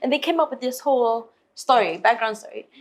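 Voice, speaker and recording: A woman's voice: on the high side, brisk. A woman, a singer telling stories as an interview guest and acting out other people's lines. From Malaysia. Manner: lively, acts out other people's lines in put-on voices. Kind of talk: storytelling in an interview.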